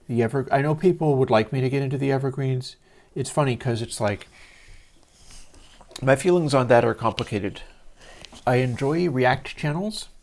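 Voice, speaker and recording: A man's voice: medium pitch, darkish tone. Man, livestream host, casual rambling talk, hesitant, lots of ums, home studio. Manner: meandering, hesitant, many fillers.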